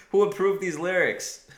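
A man's voice: high voice, slow, a bit bright, reverberant. A man co-hosting a casual chat who laughs often and gives thoughtful, hesitant commentary. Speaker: podcast co-host. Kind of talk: casual chat reacting to song lyrics.

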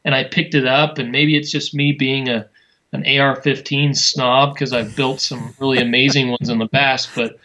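A man chatting casually as a show host, enthusiastic but halting, with many fillers and restarts. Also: mid-range voice, level tone, pushed and bright, low-quality recording. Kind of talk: casual chat.

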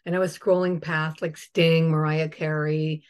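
A woman hosting a podcast, chatting casually and telling a lively anecdote to her guest. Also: low-pitched, unhurried, clear, resonant tone. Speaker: podcast host. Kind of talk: casual chat, storytelling.

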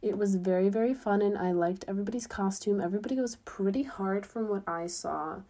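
A young American woman studying abroad chats casually and upbeat in a vlog, filling her speech with fillers. Her mid-range voice has a dark tone and a brisk pace.

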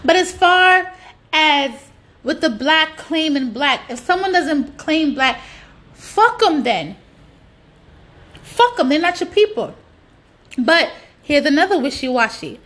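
A woman's voice: high voice, animated, slow pace, pauses often, a bit bright. A woman delivering a blunt, profane ranting monologue, hammering points with repetition. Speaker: social media commentator.

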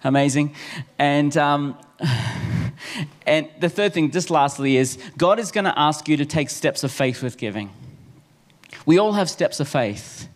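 A man's voice: fairly high pitch, lively intonation, unhurried, pauses often. A man preaching a sermon in church, earnest and repeating key phrases for emphasis. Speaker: pastor. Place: church service.

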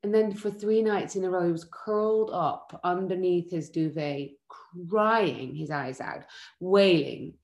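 A woman's voice: fairly low pitch, a little slow, vocal fry. A woman, a mother of young children, speaking as a guest in a candid personal conversation, heartfelt and often restarting her sentences. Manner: heartfelt, animated when quoting, many restarts. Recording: roomy echo.

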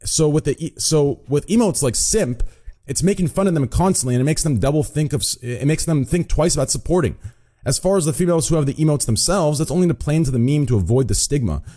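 Animated, joking young male streamer host. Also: fairly high pitch, fast. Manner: joking, rambling, trails into mumbles. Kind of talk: casual podcast chat.

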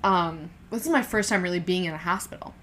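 A young woman talks in a relaxed, candid way, her voice sitting a little low for a woman. She rambles, restarting sentences and leaning on fillers as she goes. A faint hiss of noise sits under the recording. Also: fast talker. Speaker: podcast co-host telling her birth story. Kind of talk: casual chat.

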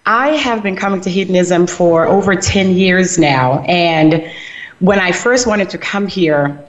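A middle-aged woman hosts a podcast in a chatty, lively tone, acting out the dialogue in her stories. The sound is slightly muffled and lo-fi. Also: lowish voice, unhurried. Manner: lively, chatty storyteller who acts out dialogue. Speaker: podcast host. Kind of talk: casual chat.

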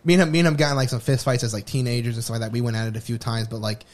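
A male podcast co-host, medium-pitched and steady in tone, races through a personal story. The casual chat is candid and rambling, full of restarts.

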